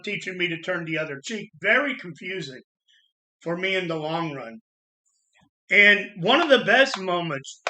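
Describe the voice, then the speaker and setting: A man from Florida telling his own life story in a halting, earnest way, with pauses and restarts. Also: high voice, pushed and bright. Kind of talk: personal storytelling monologue. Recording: echoey room.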